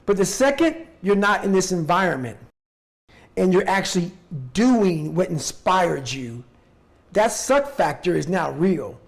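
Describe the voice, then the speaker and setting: Intense, gravelly man swearing bluntly. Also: high voice, expressive, unhurried. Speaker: interview guest. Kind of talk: motivational talk.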